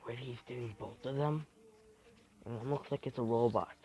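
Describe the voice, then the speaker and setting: A man narrating an improvised fan-fiction story, halting and making it up as he goes. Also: mid-range voice, warm tone.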